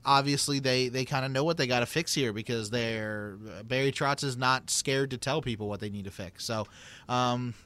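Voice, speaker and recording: A man's voice: medium pitch, moderate pace, fairly bright tone. A man hosting a casual hockey podcast, playful and teasing his co-host, laughing often.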